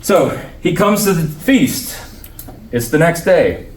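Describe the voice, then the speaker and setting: Casual pastor, distant roomy sound. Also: male voice, a little high, animated, takes it slowly. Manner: conversational, paraphrases with everyday slang. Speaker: pastor teaching Bible study. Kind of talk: casual Bible lesson. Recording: roomy, distant mic, faint ambience.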